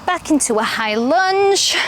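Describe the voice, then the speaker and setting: A young adult woman teaching a yoga class outdoors, giving calm step-by-step cues. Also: high voice, a little slow, slight background noise. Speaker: yoga instructor. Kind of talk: guided yoga class instruction. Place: outdoors, birds audible. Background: faint outdoor ambience with birdsong.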